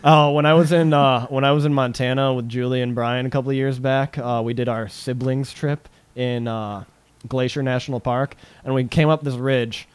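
A man talking in a loose, casual chat, loud and lively, swearing freely and breaking into laughs. His voice is mid-pitched and sits close and dry, with no room sound around it. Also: moderate pace, clear, resonant tone, dry recording.

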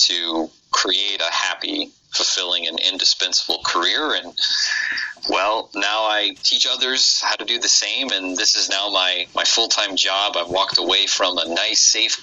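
A man's voice: on the low side, pushed and bright, muffled recording. A man with a Midwestern American accent, a pharmacist guest on a casual remote interview, talking in a friendly, upbeat, chatty way. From United States. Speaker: pharmacist and career coach guest.

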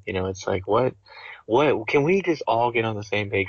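A man's voice: lowish voice, lively intonation, normal speed, husky, dry recording. A young man co-hosting a podcast, ranting casually and with exasperation about workplace rules. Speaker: podcast co-host. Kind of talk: casual chat. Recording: dull lo-fi sound.

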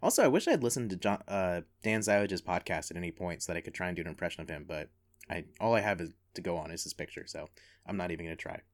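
A man's voice: deep voice, expressive, fast talker. A man co-hosting a podcast, reading aloud and commenting in a wry, amused way. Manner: wry, amused, laughs between lines. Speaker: podcast co-host. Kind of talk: casual chat and reading aloud.

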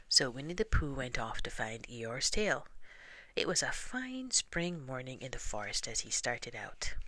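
Soft-spoken man reading a storybook. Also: mid-range voice, dry recording. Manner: slow and soft, often hushed to a whisper. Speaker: narrator.

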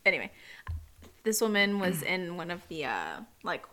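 A woman's voice: on the low side, sing-song, moderate pace, pushed and bright. A woman from Phoenix co-hosting a podcast, telling rambling stories with many fillers. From Phoenix, Arizona. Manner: rambling, filler-heavy, laughs easily. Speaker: podcast co-host. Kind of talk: casual podcast storytelling.

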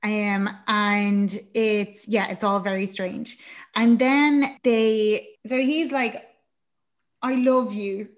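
A woman's voice: medium pitch, fairly even intonation, takes it slowly. A woman hosting a podcast, retelling a film plot in casual, sweary chat and acting out the characters' lines. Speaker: podcast host.

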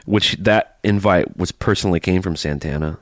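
A man's voice: sits low, normal speed, no room sound, studio quality. A man co-hosting a podcast in casual, joking chat, reading from his notes. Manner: chatty, joking, reads notes aloud. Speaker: podcast co-host.

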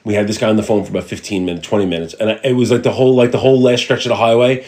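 A man's voice: fairly low pitch, racing. A middle-aged man co-hosting a casual podcast chat, swearing freely and acting out voices as he tells stories. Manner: profane, animated, acts out voices in his stories. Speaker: podcast co-host.

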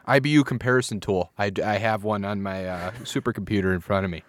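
Man, podcast co-host, low voice, dry studio sound, jokey rambling chat. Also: fast, no echo. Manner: joking, rambling, laughs often. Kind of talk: casual beer-tasting chat. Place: indoor recording studio.

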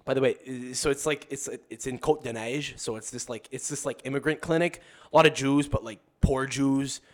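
A man's voice: medium pitch, fairly even intonation, brisk. Profane, rambling young man storyteller. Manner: acts out other people's voices in anecdotes. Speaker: podcast guest. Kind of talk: casual podcast chat.

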